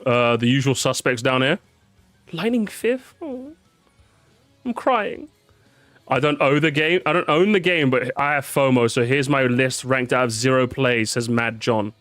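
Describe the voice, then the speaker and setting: A man's voice: mid-range voice, moderate pace, a bit bright, no room sound, faint music behind. A tired man chatting casually on a live stream, repeating words, swearing and reacting to his chat.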